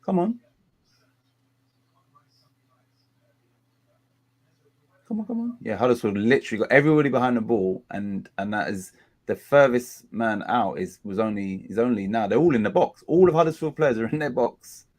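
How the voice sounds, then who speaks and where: A man's voice: on the low side, a little fast. Chatty man doing match commentary. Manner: chatty, groans at a dull game, excited bursts at attacks. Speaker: watchalong host. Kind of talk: casual live match commentary.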